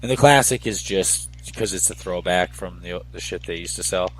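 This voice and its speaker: A man's voice: low-pitched, fairly quick, a bit bright, rough recording. A man co-hosting a podcast, joking and swearing in casual banter. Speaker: podcast co-host.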